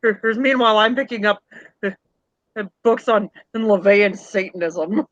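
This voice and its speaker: A man's voice: sits high, normal speed, fairly bright tone, dry recording. A man chatting casually as a guest on a livestream, easygoing with trailing phrases. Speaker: panel guest. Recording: dull, dry lo-fi stream audio.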